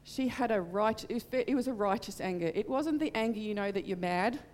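A woman's voice: mid-range voice, brisk, darkish tone, long reverb tail. A middle-aged woman preaching in church, telling a personal testimony in an earnest, heartfelt way. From Australia. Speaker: church speaker.

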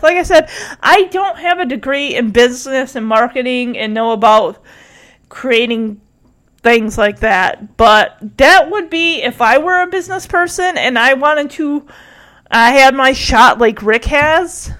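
A woman's voice: a little slow, fairly bright tone. A woman giving casual, opinionated commentary while reacting to a TV episode. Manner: chatty, opinionated, drifting pitch with mimicry.

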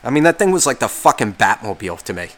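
Male podcast host, mid-pitched voice, sarcastic and exasperated rant, heavy swearing. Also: very animated, quick pace. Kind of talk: casual storytelling rant.

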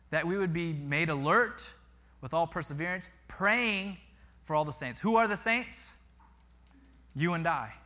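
A male pastor preaching with a bright, ringing voice that sits a little high for a man. He tells stories in an animated way and often doubles words as he speaks. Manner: animated storytelling with repeated words. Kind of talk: sermon.

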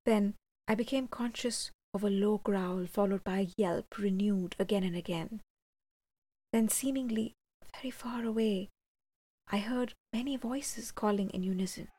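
A woman reading a first-person gothic story aloud, measured and slowing for suspense. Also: medium pitch, darkish tone. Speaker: audiobook reader.

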